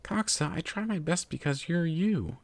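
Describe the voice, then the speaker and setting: A man voicing a weary young mare who talks in a soft, coaxing baby voice. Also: fairly high pitch, expressive, moderate pace, no room sound, voice pushed up. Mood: pleading sweetly. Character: mare pony narrator, weary, placating, sweet.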